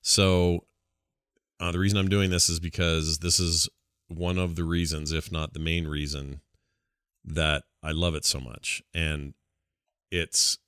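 A man's voice: extremely low pitch, level tone, measured pace, pauses often, a bit bright, clear, resonant tone, no room sound, clean studio sound. A man chatting casually about video games in a laid-back, jokey way, a bit groggy from cold medicine. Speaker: podcast co-host.

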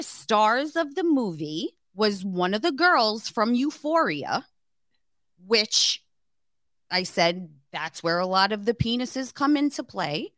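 A woman co-hosting a podcast in a studio, telling stories in a lively, giggly way and swearing casually. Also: medium pitch, slow, no room sound. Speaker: podcast co-host. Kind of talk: casual chat.

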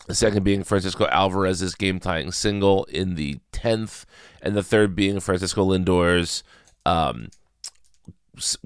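A man's voice: low-pitched, dry recording, clean studio sound. A man hosting a casual solo podcast, rambling and correcting himself with a chuckle. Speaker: podcast host.

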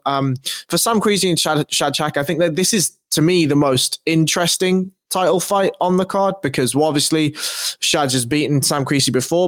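A man's voice: a little high, no room sound. A man co-hosting a podcast, breaking down fighters in a thoughtful, analytical way. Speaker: podcast co-host. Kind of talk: casual MMA analysis chat.

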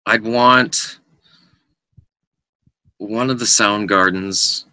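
A middle-aged man with a forceful, bright voice and a slightly low pitch tells rock-tour stories as a podcast guest. He slips into other people's voices for quotes and laughs as he goes. The sound is dry and close. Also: extremely slow, dry recording. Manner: animated anecdotes, acts out quotes, laughs often. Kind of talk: casual storytelling in a podcast interview.

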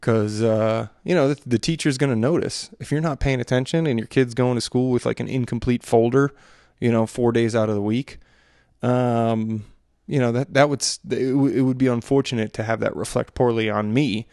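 A man's voice: mid-range voice, steady tone, normal speed, dark tone, no room sound, clean studio sound. A man in his thirties talking through his thoughts in a rambling, hesitant monologue full of fillers and restarts. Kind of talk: reflective solo monologue.

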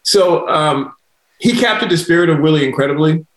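A man's voice: fairly high pitch, moderate pace. Man in an echoey room. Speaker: documentary director guest. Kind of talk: interview. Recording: roomy echo.

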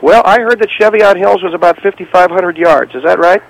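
A man's voice: high voice, a little fast, creaky. A man voicing a bigoted, needling caller in a radio comedy bit. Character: bigoted, folksy male caller. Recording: noisy radio broadcast.

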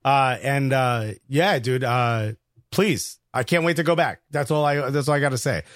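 A man with a New York accent, a comedian co-hosting a podcast and telling an excited, slangy story in casual chat. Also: medium pitch, moderate pace, no room sound, clean studio sound.

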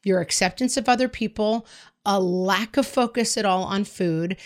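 A woman's voice: medium pitch, moderate pace. A woman in her fifties, a podcast host giving frank, conversational advice in answer to a listener question. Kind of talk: casual advice talk.

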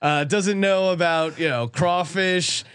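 A man hosting a sports podcast, joking quickly and laughing through his stories. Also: high-pitched, a bit bright, smooth, no echo, studio quality. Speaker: podcast host. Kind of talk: casual sports chat.

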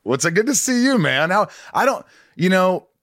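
A middle-aged man hosting a casual interview podcast, rambling and self-mocking with quick jokes. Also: sits high, very animated, fairly bright tone, dry recording, clean studio sound. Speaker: podcast host.

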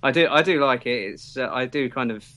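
A man's voice: medium pitch, brisk, a bit bright. A man hosting a casual podcast chat over a video call, laughing easily and poking fun at himself, with a slightly sore throat. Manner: chatty, self-deprecating, laughs often. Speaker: podcast host.

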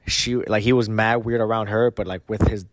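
Young man, podcast co-host, dry close sound; rambling, animated storyteller full of slang and swearing. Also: fairly low pitch, brisk, dry recording. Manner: animated, slangy, swears a lot, acts out quotes. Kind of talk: casual chat, storytelling.

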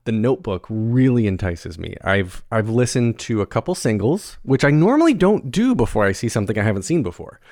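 A man from the American South hosting a podcast, chatting casually in a jokey, animated way with frequent restarts. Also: mid-range voice, brisk, few pauses, dry recording, clean studio sound. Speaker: podcast host. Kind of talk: casual chat.

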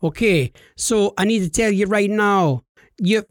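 A man mimicking a smooth-talking male phone scammer with a put-on Jamaican accent, delivering a slow sales pitch on a podcast. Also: no room sound, studio quality. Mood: coaxing.

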